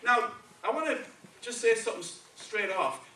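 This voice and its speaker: Speaking English with a Spanish accent, this man delivers a sermon in a conversational style, repeatedly asking the congregation "okay" and "right." He talks at normal speed in a high, bright, pushed voice with lively intonation. Captured from far away in an echoing church sanctuary, the clip has slight background noise.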